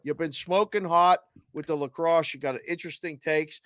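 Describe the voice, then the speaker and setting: A man's voice: a little high, fairly even intonation, moderate pace, a bit bright, no echo, studio quality. Wry, playful male co-host. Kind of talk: casual sports podcast chat.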